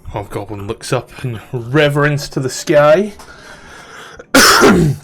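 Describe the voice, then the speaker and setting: A man's voice: a little high, very animated, takes it slowly, a bit bright, a little hiss or hum. A man narrating as game master of an online tabletop game in a laid-back, casual way.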